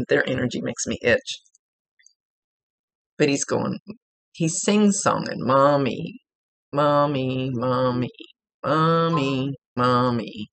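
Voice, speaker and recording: Gravelly, husky man giving a reading. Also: mid-range voice. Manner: relaxed, rambling, relaying messages aloud. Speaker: psychic medium. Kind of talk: casual spirit reading.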